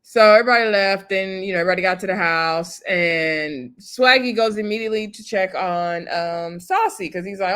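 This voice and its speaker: A woman's voice: medium pitch, normal speed, few pauses, a bit bright, smooth. A woman giving a casual, opinionated recap of a TV episode. She acts out what people said and talks back at them. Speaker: TV show recapper.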